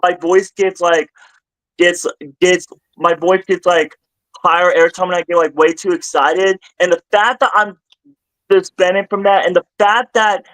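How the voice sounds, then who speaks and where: A man's voice: sits high, steady tone, unhurried, a bit bright, dry recording, poor audio. A man talking casually on a livestream, rambling and restarting phrases, his voice rising when he gets worked up. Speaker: streamer.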